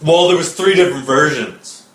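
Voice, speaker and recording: A man co-hosting a casual podcast, laid-back and quick to laugh while reading listener questions. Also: a little high, fairly bright tone. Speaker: podcast co-host. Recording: echoey room.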